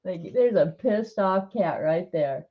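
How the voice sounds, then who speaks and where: Low-voiced chatty woman. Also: expressive, slow pace, muffled recording. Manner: chatty, laughs often. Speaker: livestream host. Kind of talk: casual chat.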